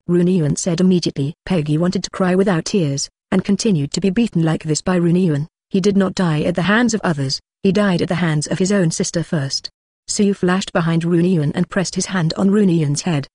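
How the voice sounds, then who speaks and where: A narrator reading a novel aloud in an even, steady delivery with little variation. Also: medium pitch, normal speed, no room sound, clean studio sound. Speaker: audiobook narrator. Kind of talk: scripted narration.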